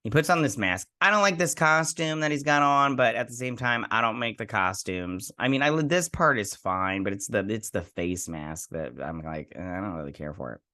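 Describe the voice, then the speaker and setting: Lively in intonation and sharp in tone, this male TV review host speaks in a lowish voice at a moderate pace with hardly any pauses. His rambling episode recap is thick with fillers and "he's like" quotes.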